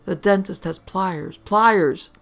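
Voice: mid-range voice, steady tone, takes it slowly, gravelly, a bit bright, breathy edge, full character voice. A storyteller voicing a stoned, bumbling middle-aged man who moans and rambles. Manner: moaning, rambling.

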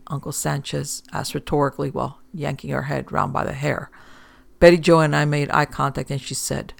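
A man reading a first-person story aloud in a wry, deadpan manner. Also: fairly high pitch, fairly quick, creaky. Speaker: audiobook narrator.

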